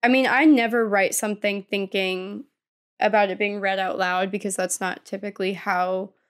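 A woman co-hosting a podcast, talking through her writing in a casual, rambling way. She trails off and restarts often. Her pitch sits in the middle. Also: fairly even intonation, normal speed. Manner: rambling, many fillers and restarts. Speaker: podcast co-host and writer. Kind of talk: casual chat.

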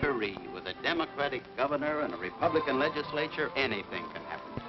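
A man's voice: medium pitch, lively intonation, quick pace, over music, natural voice. An actor playing a stubborn middle-aged family man who blusters and fusses in comic exasperation, in a 1940s film. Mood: earnest. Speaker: father and husband. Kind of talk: 1940s film comedy acting. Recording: dull 1940s film soundtrack with faint hiss.

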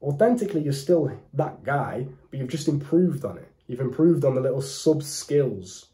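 A young man with a British accent giving direct-to-camera dating advice in an emphatic, deliberate, preachy way. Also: medium pitch, warm tone. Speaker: dating coach.

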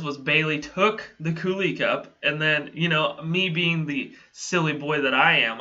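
A man's voice: mid-range voice, pushed and bright, lo-fi sound. A young man telling a casual story to his channel, rambling, laughing often and swearing freely. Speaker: vlogger.

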